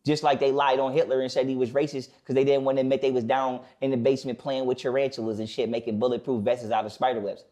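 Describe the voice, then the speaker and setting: A man talking bluntly in a casual podcast conversation. He swears freely and slows down to repeat his main points. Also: medium pitch, little pitch movement, warm tone. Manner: blunt, profane, stops to repeat key points slowly. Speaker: podcast guest.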